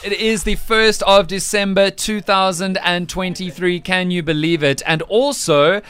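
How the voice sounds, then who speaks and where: A man's voice: high voice, steady tone, a little slow, fairly bright tone, faint music behind. A man from South Africa hosting a breakfast radio show, chatty and teasing in his links.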